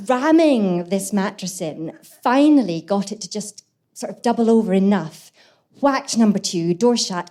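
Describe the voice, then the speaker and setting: A woman, guest co-host and actress, telling a comic story live on stage in an animated, sweary way. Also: medium pitch. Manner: animated, sweary, breathless with laughter. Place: live stage show in a London venue.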